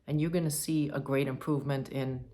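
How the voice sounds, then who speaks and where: A woman's voice: very deep voice, steady tone, brisk, warm tone. A woman giving advice to the camera in a monologue, emphatic and firm, repeating her points. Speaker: advice vlogger.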